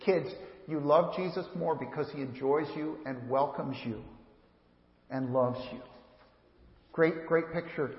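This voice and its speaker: A man preaching a sermon as pastor, earnest, often repeating and restarting phrases as he speaks straight to the children. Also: high voice. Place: church sanctuary. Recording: echoey church hall, slightly dull sound.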